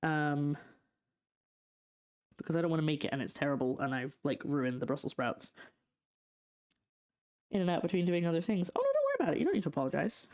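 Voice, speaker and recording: A woman's voice: low voice, brisk, pauses often, darkish tone. A young Scottish woman cooking on a casual livestream, chatting loosely with viewers and trailing off into fillers as she works in her home kitchen. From Scotland. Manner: chatty, reads out and answers chat, trails off in fillers. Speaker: streamer.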